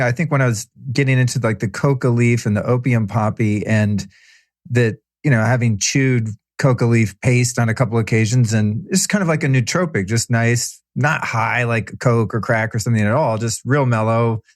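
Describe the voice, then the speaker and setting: A man's voice: medium pitch, no echo, clean studio sound. A man hosting a podcast, talking in a chatty, reflective way in casual conversation. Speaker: podcast host.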